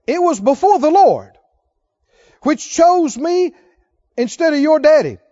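A man preaching who voices a bold, defiant king, declaiming loudly. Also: very high-pitched, very animated, slow pace, in a large hall, dull audio, pitched above the performer's own voice, full character voice. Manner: loud declaiming.

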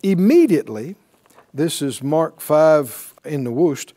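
A man's voice: on the high side, lively intonation, slow pace, warm tone. A man teaching a Bible class in a preaching style, repeating key words and calling on the class to answer. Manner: emphatic, repeats key words, calls for responses.

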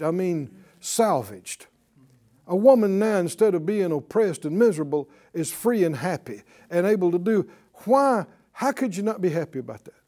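Slow, lively Bible teacher. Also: mid-range voice. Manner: animated and conversational, asks the audience questions.

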